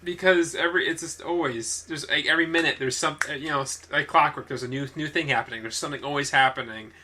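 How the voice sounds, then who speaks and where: Young guy chatting about movies, super bright sharp voice, trips over his words a lot. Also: a little high, fairly even intonation, fast talker, slight background noise. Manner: rambling, self-correcting, laughs often. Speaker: podcast co-host. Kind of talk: casual movie chat.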